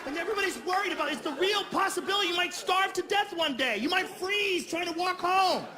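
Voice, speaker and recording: A stand-up comedian from Boston performing a loud, profane set and acting out characters as he goes. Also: very high-pitched, fast. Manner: loud, profane, acts out characters mid-bit. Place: comedy venue on stage. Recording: live comedy club recording with reverb, audience noise.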